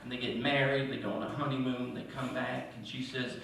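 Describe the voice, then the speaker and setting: A man's voice: mid-range voice, flat delivery, brisk, creaky, hardly any pauses. A man performing a stand-up comedy routine in a conversational way, with asides to the audience. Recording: echoey, distant, noisy room recording.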